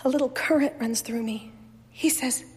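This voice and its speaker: A woman reading first-person literary fiction aloud in a measured, wistful, softly expressive way. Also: sits high, in a large hall, slight background noise. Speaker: reader.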